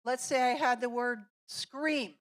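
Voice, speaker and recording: A woman's voice: fairly high pitch, steady tone, a bit bright. A woman presenting a teacher training workshop in a classroom, explaining an activity step by step and walking through examples. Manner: slow, deliberate, explaining and demonstrating with examples.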